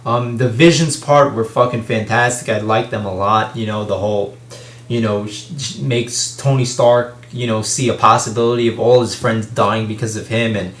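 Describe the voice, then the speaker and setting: A man's voice: lowish voice, steady tone, moderate pace, fairly bright tone. A man giving a casual spoken film review, rambling with plenty of "you know" and "um" fillers and frequent swearing. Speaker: movie reviewer. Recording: echoey room.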